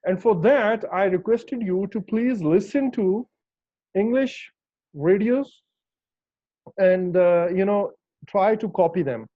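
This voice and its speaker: A man's voice: high voice, takes it slowly, pauses often, no echo. A man teaching English pronunciation in an online lesson, patiently repeating words and checking that his students follow. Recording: dull lo-fi dry sound.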